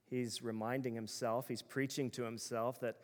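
A man's voice: mid-range voice, flat delivery, moderate pace, big-room sound. A male pastor preaching a sermon in an earnest, emphatic way, building his points through repeated phrases.

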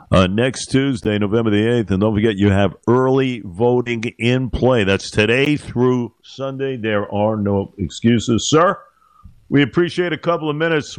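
A man hosting a talk radio show, speaking haltingly with many fillers and growing heated on politics. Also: on the low side, no room sound. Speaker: radio host.

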